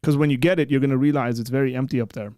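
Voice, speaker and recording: A man's voice: mid-range voice, fairly even intonation, rapid-fire, dark tone, no echo, studio quality. A man hosting a casual livestream chat, rambling with many fillers and restarts. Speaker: host.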